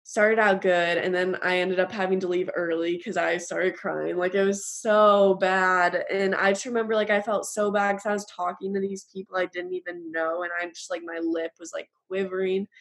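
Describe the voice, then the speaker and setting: A young woman telling an earnest personal faith story in an interview, halting often with fillers. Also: lowish voice. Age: young adult. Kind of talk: personal testimony.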